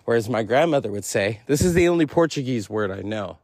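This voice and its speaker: A man of middle pitch rambles through a solo podcast, laughing between thoughts. He leaps much higher when he acts out other people's lines. The sound is dry and close. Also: moderate pace, breathy edge, dry recording. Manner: animated, jumps high to act out quotes. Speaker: podcast host and teacher. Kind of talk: casual solo monologue.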